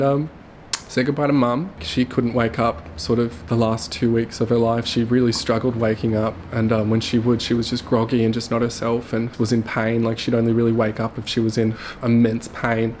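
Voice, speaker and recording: A young man telling his late mother's story to camera, tearful and halting, with his voice breaking. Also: medium pitch, a little mellow, a little hiss or hum. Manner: halting, full of fillers and restarts.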